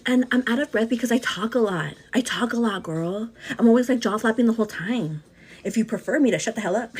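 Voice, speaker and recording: A woman's voice: on the high side, husky. A woman in her thirties hosting a beauty livestream, talking non-stop and a bit out of breath, calling her viewers "girl" as she answers their comments. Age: 30s. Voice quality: energetic, hyperactive delivery. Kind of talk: casual livestream chat.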